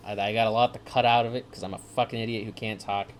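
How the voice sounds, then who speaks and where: Guy ranting and swearing over a video game, sarcastic, middle pitch. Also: little pitch movement, fast talker, slight background noise. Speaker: let's play host. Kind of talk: gameplay commentary.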